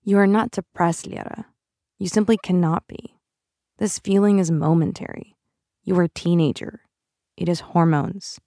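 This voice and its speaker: A woman's voice: fairly low pitch, steady tone, normal speed, warm tone, no echo, clean studio sound, close to an everyday voice. A woman voicing a stern Russian immigrant mother. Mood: dismissive. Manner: pleading then shaming, firm. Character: worried, scolding immigrant mother, middle-aged woman.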